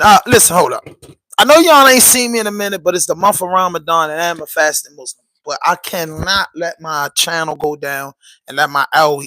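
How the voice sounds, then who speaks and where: A man's voice: fairly high pitch, pushed and bright, no echo, rough recording. A man hosting his own podcast vlog from home, chatting casually and rambling straight to his viewers. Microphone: portable camera.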